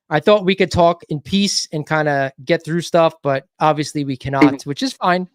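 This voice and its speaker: Halting, higher-voiced man hosting a call-in. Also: smooth, dry recording, clean studio sound. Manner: mediating, calm, halting restarts. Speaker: host. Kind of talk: live online call-in discussion.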